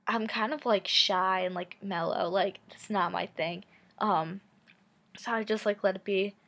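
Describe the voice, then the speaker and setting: A woman's voice: mid-range voice, steady tone, unhurried, a bit bright. A woman in her twenties telling a personal story to camera in a casual, chatty way, full of "like" and "um" and frank swearing. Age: 20s. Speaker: vlogger.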